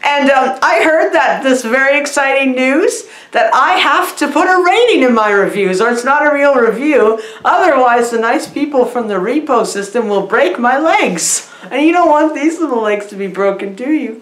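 A woman's voice: high voice, lively intonation, normal speed, hardly any pauses. A woman doing a silly, rambling comedic movie review, giggling and scatterbrained. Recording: roomy echo.

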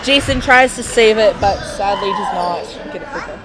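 A woman's voice: medium pitch, normal speed. A teenage girl giving casual, giggly play-by-play commentary on a school volleyball match. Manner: giggly, chaotic, lively. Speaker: student commentator. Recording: gym with loud crowd and music. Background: crowd cheering, music, ball bounces.

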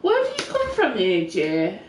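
A woman co-hosting a livestream, chatty and quick to swear and laugh. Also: mid-range voice, huge pitch swings, slight background noise. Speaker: co-host. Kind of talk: casual chat on a livestream. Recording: distant from mic in an echoey room.

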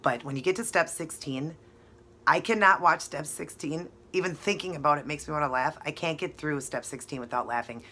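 Giggly low-voiced woman vlogger. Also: fairly quick, sharp tone. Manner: giggly, chatty, keeps breaking into laughter. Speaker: beauty vlogger. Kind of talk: casual vlog chat.

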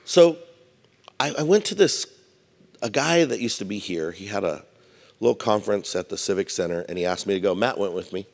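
A man's voice: lowish voice, animated, brisk, gravelly. A man preaching a sermon as a pastor, conversational with humorous asides. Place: large church hall. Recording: long hall reverb.

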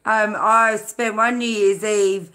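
A woman's voice: mid-range voice, little pitch movement, slow pace, sharp tone. A woman from Australia hosting a casual live-stream chat, chatty, greeting viewers by name with many fillers.

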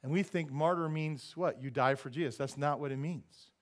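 A male pastor preaching a sermon in church, animated, firing rhetorical questions at the congregation and dropping joking asides. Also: fairly high pitch, moderate pace. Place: church sanctuary.

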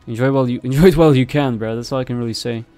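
A young man giving casual gameplay commentary, swearing constantly and reacting loudly to what happens on screen. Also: mid-range voice, rapid-fire, faint music behind.

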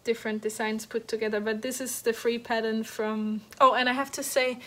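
A woman with a somewhat high voice shows off her knitting projects in a casual home chat. She talks haltingly, full of fillers and restarts. She sounds slightly out of breath as she goes. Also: little pitch movement, sharp tone. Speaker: knitting podcast host. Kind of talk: casual show-and-tell chat. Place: at home next to a heater.

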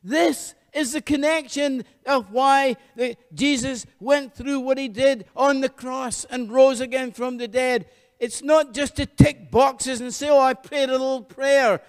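High voiced pastor guy preaching, fervent, lots of hallelujahs, echoey hall. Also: steady tone, unhurried, clean tone. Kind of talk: sermon.

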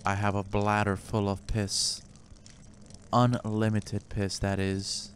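A man giving profane, excitable commentary on a game he is playing, often breaking into loud laughter. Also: on the low side, slow, slight background noise. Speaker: gaming video host. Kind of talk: let's play commentary. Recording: game sounds clearly behind the voice.

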